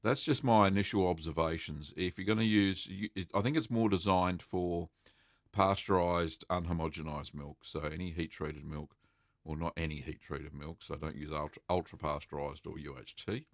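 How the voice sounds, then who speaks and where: A man's voice: low-pitched, steady tone, moderate pace, no room sound, studio quality. A middle-aged Australian man hosting a casual live stream, chatting and answering viewer questions with lots of fillers. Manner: chatty and rambling, reading out names with many fillers.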